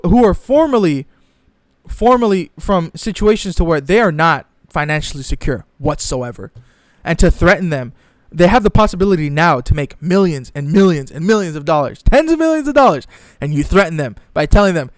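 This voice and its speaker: A man's voice: high voice, expressive, brisk, no echo, clean studio sound. A man from the Los Angeles area giving heated, profane, sarcastic sports commentary. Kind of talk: ranting opinion commentary.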